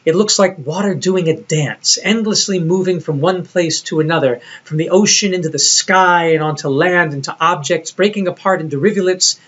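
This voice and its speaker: A man's voice: a little high, normal speed, hardly any pauses, a bit bright. A man narrating a recorded lecture in a reflective, storytelling way, on a dull lo-fi recording. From United States.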